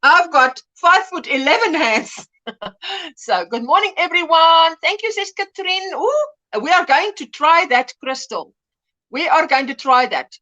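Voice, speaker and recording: A woman's voice: very high voice, animated, a little slow, pushed and bright, dull audio. A middle-aged woman hosting a casual livestream chat, reading viewers' comments aloud and laughing often. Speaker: livestream host.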